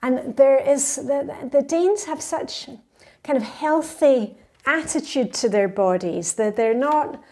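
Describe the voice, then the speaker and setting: Woman, fifties, vlogger answering viewer comments, slightly high and mellow voice, chatty and upbeat. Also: slow pace. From Scotland. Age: 50s. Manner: chatty and enthusiastic, reads viewer comments aloud. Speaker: lifestyle vlogger.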